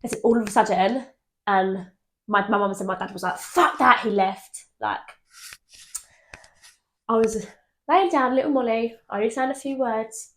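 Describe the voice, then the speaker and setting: A young woman co-hosting a podcast, telling ghost stories in animated casual chat and swearing freely. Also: a little high, moderate pace, long pauses. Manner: animated storytelling, swears freely, laughs often. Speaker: podcast co-host.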